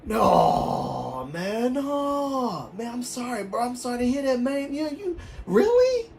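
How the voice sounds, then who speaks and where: A man voicing an excitable teenage boy classmate with a Southern US accent, repeating himself in drawn-out shouts. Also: very high-pitched, gravelly, a little hiss or hum, voice pushed up, exaggerated voice. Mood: commiserating.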